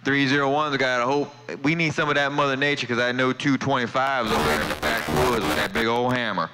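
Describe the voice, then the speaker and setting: A man's voice: medium pitch, fast talker, pushed and bright, soft background music, poor audio. A man chatting on CB radio from his home station, friendly and repeating his call sign and sign-offs. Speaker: CB radio operator. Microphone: CB radio microphone.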